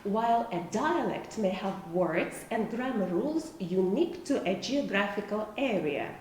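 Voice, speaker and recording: A woman, a Russian native speaker, giving a university video lecture in English, explaining slowly with many hesitations and fillers. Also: mid-range voice, animated, a little mellow. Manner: slow, careful explaining with frequent hesitations. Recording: echoey room, mic at a distance, faint noise.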